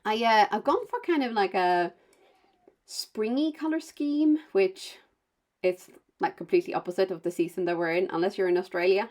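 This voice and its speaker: A woman's voice: mid-range voice, normal speed, darkish tone. A woman who is not a native English speaker, chatting through a card-making video in a rambling, bubbly way full of fillers and self-corrections. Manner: bubbly, with playful asides. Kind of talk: casual voice-over narration of a crafting video.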